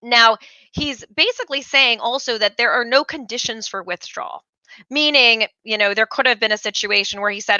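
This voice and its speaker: A woman's voice: on the high side, moderate pace, pushed and bright, clean tone, no room sound, highs cut off. A woman hosting a political commentary show, chatty and opinionated with jokey asides. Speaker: host.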